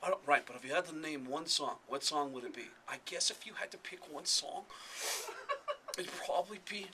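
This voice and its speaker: A man doing an impression of a laid-back male rock drummer, speaking softly and mumbly. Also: a little high, fairly quick, slight background noise.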